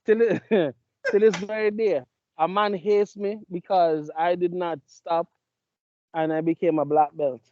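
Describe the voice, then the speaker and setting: A man's voice: sits high, steady tone, unhurried, dark tone, dry recording, dull audio. A man in his thirties co-hosting a podcast, telling stories in casual slang-heavy chat. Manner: laid-back, slang-heavy storytelling. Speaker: podcast co-host.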